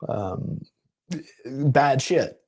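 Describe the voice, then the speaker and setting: A coach talks to his live-stream viewers in a husky, breathy voice at an everyday mid pitch. He tells his story loosely and with energy, laughing and slipping into quick impressions along the way. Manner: animated, laughing, jumps into quoted voices. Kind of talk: casual storytelling on a live video. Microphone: live-stream setup.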